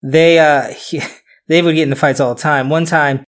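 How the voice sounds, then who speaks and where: A man's voice: on the high side, steady tone, moderate pace. A man hosting a casual podcast, telling a history story loosely, with frequent fillers and chuckles.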